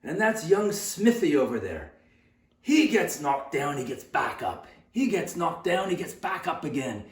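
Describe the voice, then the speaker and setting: An older man voicing a strapping male soccer coach in his thirties, who shouts blunt, scolding orders at his team. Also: on the high side, sing-song, a little slow, pitched above the performer's own voice. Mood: praising. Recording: roomy sound from a distance.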